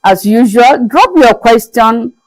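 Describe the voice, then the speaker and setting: Woman teacher going through french words real slow, says each one twice, spells them out, dry close sound. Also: on the high side, lively intonation, a little mellow, dry recording, rough recording. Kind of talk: slow, patient classroom lesson.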